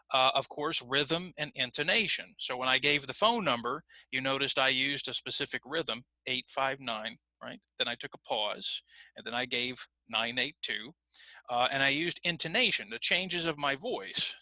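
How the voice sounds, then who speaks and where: American guy teaching english over a video call, slows down on examples, super dry close mic. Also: mid-range voice, pushed and bright, no room sound, rough recording. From United States. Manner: slow deliberate emphasis on examples. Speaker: ESL teacher. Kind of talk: online lesson explanation.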